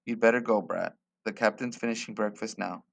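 A man's voice: on the low side, fairly even intonation, a little fast, gravelly. A man reading the part of a blunt, teasing young man working at a colony. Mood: kind.

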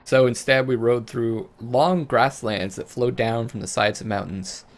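A man hosting a let's play, reading story text aloud in a mid-pitched voice. He switches between measured narration and casual, joking chatter. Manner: storyteller reading, breaks off into jokey chat.

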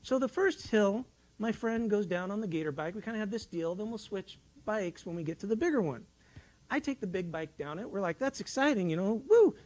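A man's voice: sits high, darkish tone, poor audio. A man preaching in a church, talking in a folksy, rambling way with many restarts as he tells a childhood story. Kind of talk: sermon. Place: church sanctuary.

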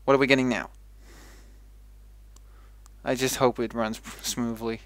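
A young man from the Netherlands, speaking with a Dutch accent, plays a video game as a let's play gamer. His medium-pitched voice moves little in pitch and keeps a measured pace, with no room sound at all. He's chatty, thinking aloud, restarting, and talking to himself.

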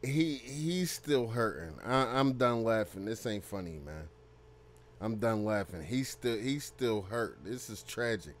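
A man's voice: lowish voice, expressive, unhurried, slight background noise. An American man hosting a reaction video, with blunt and casual commentary. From United States.

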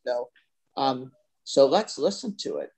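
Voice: medium pitch, expressive, unhurried, a little mellow, breathy edge. A host introducing songs and reacting with enthusiasm. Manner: enthusiastic, brief remarks. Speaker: host of the lecture. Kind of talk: hosting a lecture.

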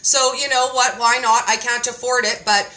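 A woman hosting a casual chat, telling stories in an animated, playful way and acting out quotes. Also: a little high, moderate pace, low-quality recording. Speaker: host.

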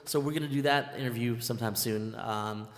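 A man hosting a band's live stream in casual chat, excitable and rambling, with lots of fillers and restarts. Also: mid-range voice, brisk. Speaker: band leader and live stream host. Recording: echoey room with long reverb.

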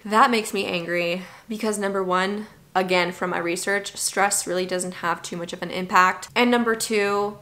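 A woman's voice: medium pitch, unhurried, few pauses, a bit bright. A young woman talks straight to her viewers in a casual vlog. She is chatty and candid and acts out the voices of people she quotes. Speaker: vlogger. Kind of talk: casual talking-head vlog.

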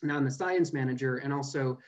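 A man's voice: mid-range voice, fairly quick. A young man from California giving a casual online seminar as a botanist, with many fillers and restarts, over a video call. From California, USA. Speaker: guest speaker, botanist.

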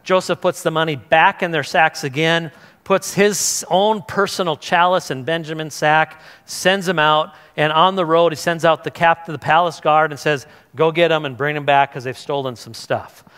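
A man's voice: on the high side, fairly even intonation, moderate pace, fairly bright tone, smooth. A male pastor giving a sermon, retelling a scripture story in a casual way, with frequent restarts, and he voices the characters as he goes. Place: church hall. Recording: long church hall reverb.

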